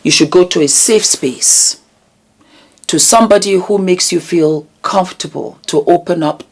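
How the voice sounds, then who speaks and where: A woman hosting her own channel, talking earnestly and emotionally about vulnerability and healing, with deliberate repetitions. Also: lowish voice. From United Kingdom. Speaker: channel host. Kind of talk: reflective commentary vlog.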